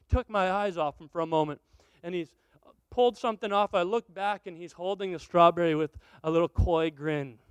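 A man preaching a sermon, telling a family story in an animated way and acting out its dialogue. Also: sits high, clear, resonant tone, dry recording. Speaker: pastor.

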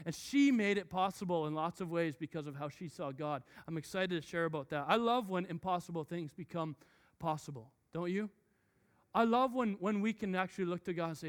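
A man in his thirties, a pastor preaching a sermon and telling a family story with lots of animated restarts. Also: sits high.

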